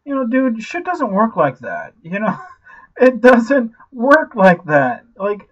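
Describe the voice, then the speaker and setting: A man in his thirties giving a casual, ranting movie review, animated and profane, constantly saying "like" and "you know". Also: extremely high pitch, slow, dull audio. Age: 30s.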